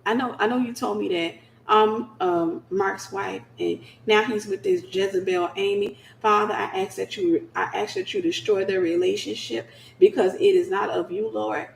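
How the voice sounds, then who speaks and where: A woman voicing a desperate churchwoman who prays loudly and commandingly against a rival. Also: medium pitch, expressive, normal speed, vocal fry, slight background noise. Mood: pleading. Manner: fervent, commanding prayer. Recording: roomy echo.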